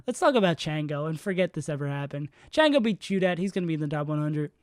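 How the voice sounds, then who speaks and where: Hardly pausing, the streamer ranks players in a brisk, rambling, self-deprecating way, stumbling over fillers and restarts. His voice is on the high side, and the sound is clean and studio-like with no echo.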